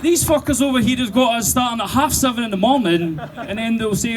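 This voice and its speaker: A man with a Glaswegian accent doing sweary, animated stand-up storytelling and laughing through his punchlines. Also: very high-pitched, fairly quick, few pauses, very noisy. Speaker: stand-up comedian.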